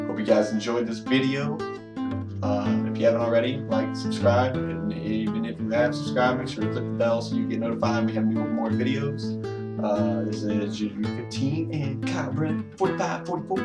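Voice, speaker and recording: A man casually chatting as a gameplay co-host, rambling with lots of fillers. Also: mid-range voice. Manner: rambling, filler-heavy chat. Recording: roomy, distant mic with background music.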